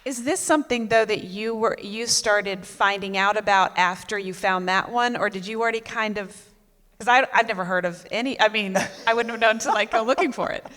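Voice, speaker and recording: A woman's voice: mid-range voice, brisk, fairly bright tone. A woman moderates a panel discussion and keeps it moving with curious follow-up questions. Her voice carries the long reverb of a large hall.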